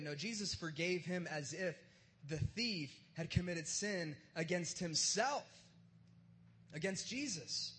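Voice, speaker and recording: A pastor giving a sermon at a church service in a casual, joking way, with plenty of slang. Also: male voice, high-pitched, lively intonation, slow, a bit bright. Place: church service in front of a live crowd.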